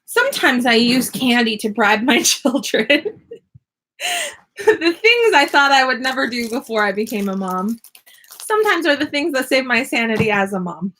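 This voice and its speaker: A woman's voice: fairly high pitch, very animated, normal speed, fairly bright tone, a little hiss or hum. A woman chatting casually on a live stream while she crafts, narrating each step and reading out viewer comments from her home office. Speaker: crafting vlogger and mother.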